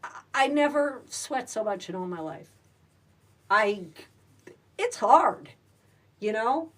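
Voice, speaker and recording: A woman's voice: fairly high pitch, very animated, slow pace, distant mic. Salty, chatty middle-aged woman livestreaming. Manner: chatty, salty, rambling with many fillers. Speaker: livestream host and stand-up comic. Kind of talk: casual livestream chat.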